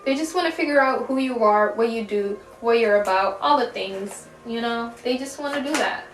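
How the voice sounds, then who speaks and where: A young woman giving a casual pick-a-card tarot reading, chatty and giggly, with casual swearing and drawn-out emphasis. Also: a little high. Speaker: tarot reader. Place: room at home. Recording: echoey room, voice a bit far from mic, faint music.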